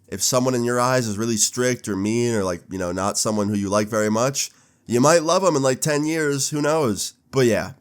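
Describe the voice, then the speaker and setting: A young man in his twenties telling a casual storytime, animated and swearing with laid-back slang. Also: on the low side. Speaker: storytime vlogger.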